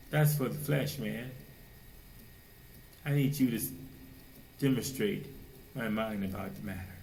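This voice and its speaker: A man's voice: unhurried, vocal fry, long pauses, a little mellow, rough recording. Fervent male preacher asking rhetorical questions. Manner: fervent, rhetorical questions, mocks people in high voices. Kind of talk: sermon.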